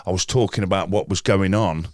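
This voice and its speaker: A young man tells a rambling, sweary story on a podcast, slipping into the voices of the people he describes. His voice sits on the low side. The sound is dry and close to the mic. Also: brisk, no echo. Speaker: podcast guest. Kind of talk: casual chat.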